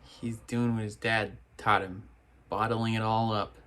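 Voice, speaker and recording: A man's voice: on the low side, little pitch movement, unhurried, pushed and bright. A man hosting a reaction video, talking back at the screen in exasperated, casual commentary.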